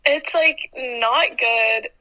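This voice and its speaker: Young female co-host, bright, slightly high voice, animated casual chat. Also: drawn-out words, rough recording. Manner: animated, heavy filler "like", laughs between points. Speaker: podcast co-host.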